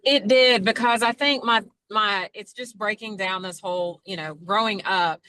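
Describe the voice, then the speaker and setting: A woman's voice: medium pitch, normal speed, bright, forceful tone, no room sound. A woman in a group video call, rambling and searching for words as she explains herself. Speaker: group member. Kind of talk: casual video-call chat.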